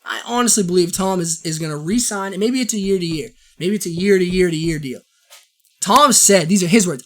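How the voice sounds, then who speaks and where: Bright-voiced man on a fired-up sports rant. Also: high voice, fairly quick. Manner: fired-up, rambling, repeats himself. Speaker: show host. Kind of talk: solo sports opinion rant.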